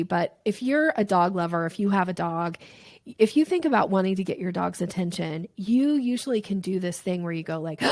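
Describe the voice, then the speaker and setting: Lively woman teaching sales in an interview. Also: mid-range voice, no echo. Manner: animated, acts out little voices and examples. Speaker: sales coach guest.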